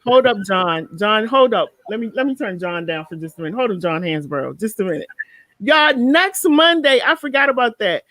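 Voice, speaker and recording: A woman's voice: mid-range voice, moderate pace, no echo. Chatty woman hosting a live talk show. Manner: chatty, animated storyteller. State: tired at the end of the night. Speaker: show host. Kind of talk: casual show chat.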